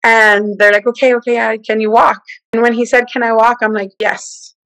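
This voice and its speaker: Lively woman in her forties telling a story. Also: a little high, brisk, dry recording, rough recording. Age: 40s. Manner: animated storyteller, acts out quoted voices. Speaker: guest. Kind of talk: personal testimony in conversation.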